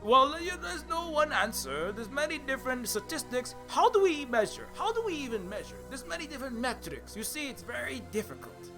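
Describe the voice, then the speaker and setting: A man's voice: very high voice, big pitch swings, fairly quick, few pauses, music in the background, exaggerated voice. A man doing a smug hedging chatbot. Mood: evasive.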